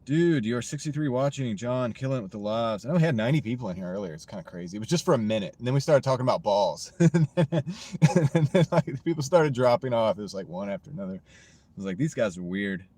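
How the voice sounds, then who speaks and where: A man's voice: medium pitch, expressive, quick pace, a little mellow. An American man chatting casually with his livestream viewers from his parked car, joking and rambling as he reads comments. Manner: joking, rambling, talks to chat. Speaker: livestreaming gig-delivery driver. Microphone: wireless mini clip-on mic.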